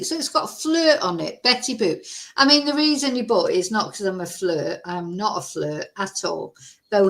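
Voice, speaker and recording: A middle-aged woman from Manchester with a Mancunian accent, rambling and self-mocking as she chats with viewers on her livestream. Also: on the low side. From Manchester, England. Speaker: channel host. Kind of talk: casual livestream chat.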